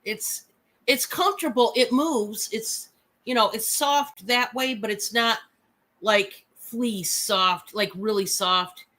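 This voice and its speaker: Hoarse chatty woman with bright tone. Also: fairly high pitch, slow pace. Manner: chatty, laughing, gushing over items. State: hoarse, deepened voice from a cold. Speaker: live sale host. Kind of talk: casual live selling chat.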